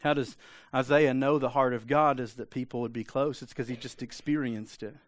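A man's voice: mid-range voice, steady tone, moderate pace. A man preaching a sermon in a conversational way, often asking the congregation for an amen. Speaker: pastor.

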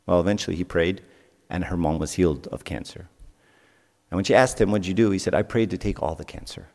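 A man's voice: deep voice, fast talker, darkish tone, big-room sound. A man giving a sermon as a youth speaker, telling stories in a conversational way and asking his audience questions.

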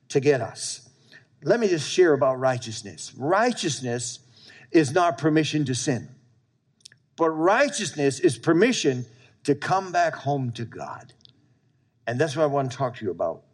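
Emphatic preaching man, slightly high voice. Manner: emphatic preaching, repeating lines and calling for amens. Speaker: pastor. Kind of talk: sermon.

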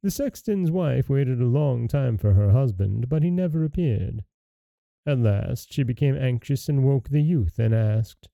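Brief: male fairy-tale reader, dark gravelly voice, very dry close recording. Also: medium pitch, animated, no echo. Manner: measured storybook narration. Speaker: storyteller host. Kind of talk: reading a fairy tale aloud.

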